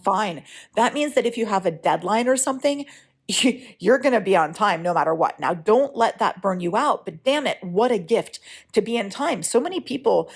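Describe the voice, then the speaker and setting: A woman hosts her own podcast as a writing coach, speaking in a relaxed, conversational way. She is frank and now and then mildly profane, and she keeps checking in with her listeners with a quick "right?". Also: medium pitch, slightly rough. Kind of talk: casual solo podcast talk.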